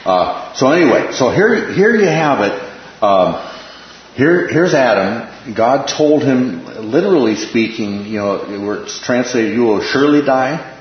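A Bible study teacher runs an informal class in a conversational style, repeating phrases and asking "right?" to check in. His mid-range voice swings widely in pitch at a measured pace, captured in an echoey room with dull, lo-fi sound and a little hiss or hum.

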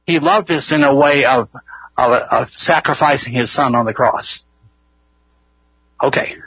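A man's voice: mid-range voice, measured pace, slightly rough, highs cut off. A man leading an informal Bible study, earnest and rambling, often laughing at himself. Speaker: Bible teacher.

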